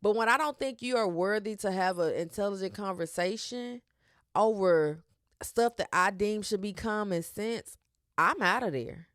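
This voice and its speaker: A woman hosting her own podcast, talking in a sassy, animated way with slang and cursing. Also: medium pitch, moderate pace, no room sound, studio quality. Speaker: podcast host. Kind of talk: casual solo podcast talk.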